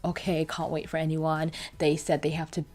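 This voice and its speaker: A woman's voice: low voice, moderate pace. Chatty young woman reviewing a cartoon. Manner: chatty and animated, with many fillers and restarts. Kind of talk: casual spoken episode review.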